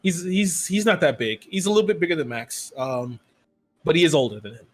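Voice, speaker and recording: A man's voice: a little high, expressive, a little fast. A man narrating as game master of a tabletop role-playing game, rambling and loose, with many "like" and "um" fillers.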